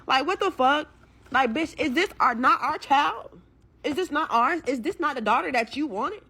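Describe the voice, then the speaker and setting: A woman's voice: sits high, animated, normal speed, bright, forceful tone. A young woman venting about her struggles in a blunt, frustrated way, cursing heavily as she tells her story. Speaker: caller telling her story.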